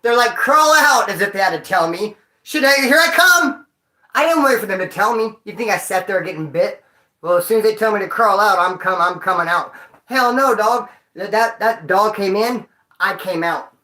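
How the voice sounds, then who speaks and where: A man's voice: sits high, moderate pace, bright, forceful tone, reverberant. A man vlogging, telling stories to his viewers in a rambling, profane way full of street slang. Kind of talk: casual storytelling to viewers.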